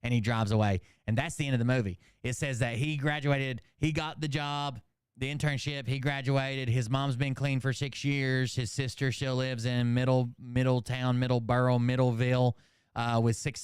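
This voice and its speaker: A man casually recapping a movie in a profane, animated rant, acting out the characters with sudden shouts. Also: medium pitch, moderate pace, clean tone, no echo, clean studio sound. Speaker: channel host.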